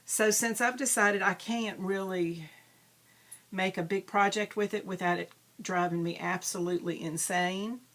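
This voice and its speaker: A woman's voice: medium pitch, steady tone, unhurried, a bit bright. A woman hosting a crafting videocast, chatting casually and rambling with frequent ums and self-deprecating asides. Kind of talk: casual show-and-tell chat.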